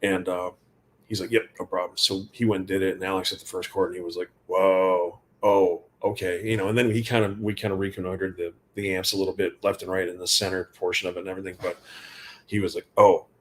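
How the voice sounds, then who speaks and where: A man's voice: low voice, little pitch movement, fast talker, slight background noise. A man telling casual backstage anecdotes in an interview, rambling and quoting conversations. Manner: rambling anecdotes with quoted dialogue and laughs. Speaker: guitar tech guest.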